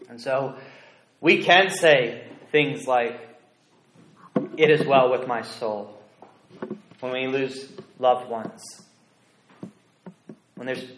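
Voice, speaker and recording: A man preaching a sermon as a pastor, earnest and deliberate, dropping to a hush on key phrases. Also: mid-range voice, echoey room, slight background noise, low-quality recording. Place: church sanctuary.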